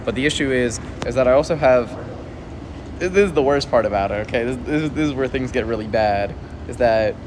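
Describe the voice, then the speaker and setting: A man's voice: mid-range voice, brisk. A young man livestreaming from an airport terminal floor on his phone, rambling in a half-whispered, self-mocking way. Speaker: streamer. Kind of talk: casual livestream chat. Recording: phone stream with airport noise.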